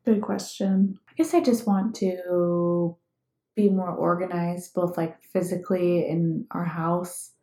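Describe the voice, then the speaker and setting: Female co-host, thirties, calm and agreeable, lowish warm voice, roomy home recording. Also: slow. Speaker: podcast co-host. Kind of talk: casual chat with spouse. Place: room at home.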